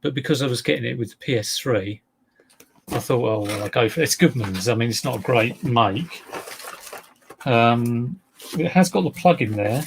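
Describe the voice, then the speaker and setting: A man talks through his latest finds in a loose live-stream chat. His voice has a gravelly, creaky edge at a middling pitch. He rambles, wanders off topic and pokes fun at himself. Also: normal speed, background noise. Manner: chatty, rambling, self-deprecating.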